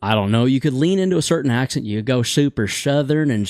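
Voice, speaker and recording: A man's voice: mid-range voice, lively intonation, a little fast, few pauses, darkish tone, no room sound, studio quality. A man hosting a casual gaming chat show, rambling and opinionated, stumbling over words now and then.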